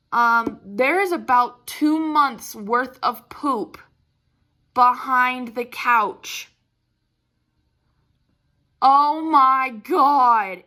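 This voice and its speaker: A young woman chatting casually to her viewers, telling a story with lots of animation and some swearing. Her voice sits a little high and sounds bright and forceful. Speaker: craft channel host. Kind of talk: casual chat.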